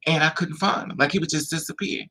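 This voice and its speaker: A man hosting a livestream, telling a personal story in a casual, animated way and acting out the voices of the people in it. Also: on the high side, fast, a little hiss or hum, low-quality recording. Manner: animated, acts out quoted voices.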